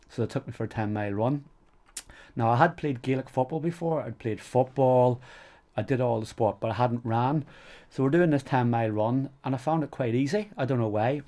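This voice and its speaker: A man's voice: medium pitch, mellow. A middle-aged man with a Northern Irish accent, telling stories in a casual interview, rambling and full of "you know" fillers. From Northern Ireland. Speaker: guest.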